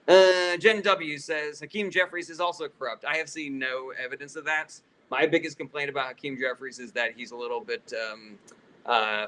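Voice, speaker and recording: A man's voice: fairly high pitch, bright, forceful tone, rough recording. A man hosting a casual political livestream Q&A, reading out viewer questions and answering bluntly with plenty of profanity.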